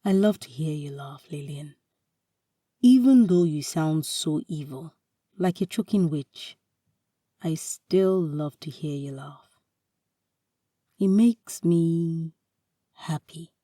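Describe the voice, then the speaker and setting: A devoted young husband murmurs earnestly, half-whispering, as a woman reads him. His voice sits low and slow. The recording is dry, and the mic is a little far off. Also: warm tone, no echo. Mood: affectionate. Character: devoted loving young husband, soft-spoken.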